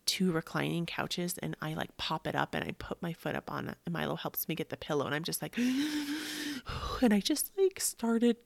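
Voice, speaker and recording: A woman in her thirties hosting a podcast, telling a personal story in an animated way, with gasps and acted-out quotes. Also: sits low, quick pace, gravelly, hardly any pauses, dry recording. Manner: animated, gasping, acts out quotes. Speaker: podcast host.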